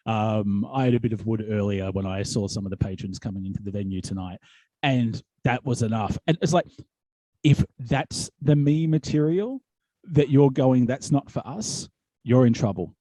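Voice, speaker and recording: An Australian man with a mellow, darker voice tells wrestling stories in a loose podcast chat. He rambles, restarts his sentences and fills gaps with ums and likes. The sound is dry and close, with no room around it. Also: on the low side, moderate pace, no echo. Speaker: wrestling commentator and promoter, guest.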